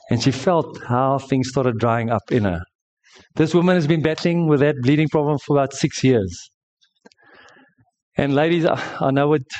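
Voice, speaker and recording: During a church service, a man with a medium-pitched, darkish voice preaches a sermon. He tells stories emphatically and jokes with the congregation.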